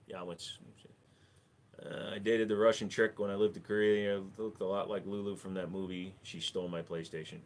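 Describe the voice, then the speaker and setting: A man's voice: fairly low pitch, steady tone, fairly quick, fairly bright tone. A man hosting a live stream, answering viewer questions with dry jokes. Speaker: livestream host. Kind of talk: casual live Q&A chat.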